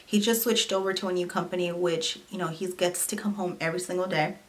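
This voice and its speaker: A young woman telling a personal story to camera in a casual vlog, talking in an animated way with lots of "like" and "you know". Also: lowish voice, fast. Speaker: vlogger.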